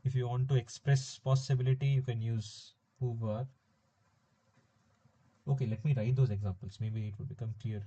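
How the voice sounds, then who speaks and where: A man teaching a French grammar lesson in a relaxed, informal way, explaining step by step with frequent fillers. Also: medium pitch, normal speed, slightly rough, muffled recording. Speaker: French tutor. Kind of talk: informal recorded language lesson.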